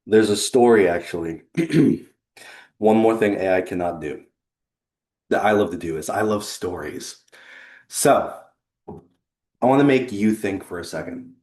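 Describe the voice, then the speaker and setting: Earnest man presenting, low voice. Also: darkish tone, roomy sound. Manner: earnest and conversational, with pauses for effect. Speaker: leadership consultant and presenter. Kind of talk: presentation to a remote audience.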